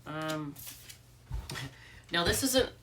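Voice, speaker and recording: A woman's voice: low-pitched, lively intonation, very slow, a bit bright, far from the mic, slight background noise. A congested woman giving a casual, rambling tarot reading, full of fillers and restarts. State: congested from allergies. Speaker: tarot reader.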